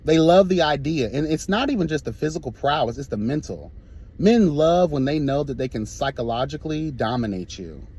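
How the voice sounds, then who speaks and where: A man's voice: mid-range voice, big pitch swings, a little fast, darkish tone, slightly rough. A man giving an impassioned, sassy straight-talk monologue as a vlogger while driving, recorded on a phone. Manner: sassy, emphatic, keeps calling listeners girl.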